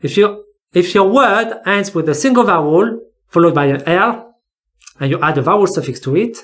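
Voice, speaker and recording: An English teacher explaining spelling rules, talking slowly and deliberately and repeating key words for emphasis. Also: medium pitch, lively intonation.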